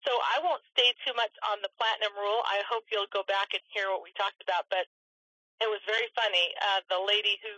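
Woman, sales trainer, chatty coaching tone, bright voice, dry sound. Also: mid-range voice, fairly even intonation, fairly quick, no room sound, highs cut off. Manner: chatty, coaching, asks the listeners questions. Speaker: sales trainer on a conference call. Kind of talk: teleconference training talk.

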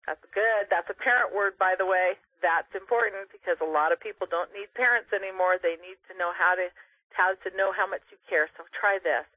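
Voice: mid-range voice, steady tone, a little fast, husky, no room sound. A sales trainer coaching people on a conference call, stressing and repeating key phrases. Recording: tinny phone line.

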